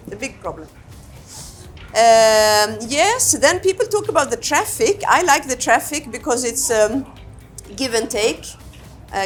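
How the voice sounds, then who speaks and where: A woman ambassador, answering interview questions in a reflective, unhurried way and often repeating her words. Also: medium pitch, slight background noise. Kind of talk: candid conversational interview answers.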